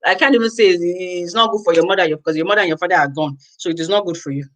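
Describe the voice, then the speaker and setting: A woman's voice: lowish voice, racing, fairly bright tone, rough recording. Exasperated Nigerian woman ranting. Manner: exasperated, exclamatory, repetitive. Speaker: vlogger. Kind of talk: casual ranting commentary to viewers.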